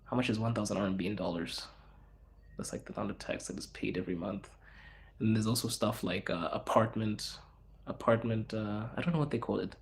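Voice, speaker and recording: A man from Zimbabwe hosting a casual livestream, chatting loosely with viewers and answering their questions in a relaxed, slangy, rambling way. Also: lowish voice, fairly quick, creaky. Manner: relaxed, slangy, rambling with fillers and self-corrections. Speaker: livestream host.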